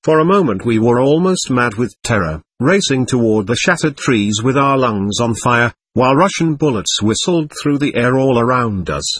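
A man's voice: mid-range voice, lively intonation, moderate pace, hardly any pauses, breathy edge, no echo. A man narrating a war memoir in the first person, in a vivid, dramatic audiobook reading.

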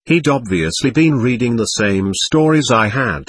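A man's voice: medium pitch, animated, unhurried, hardly any pauses, husky, no echo. A man narrating an audiobook in the first person, reading with expression.

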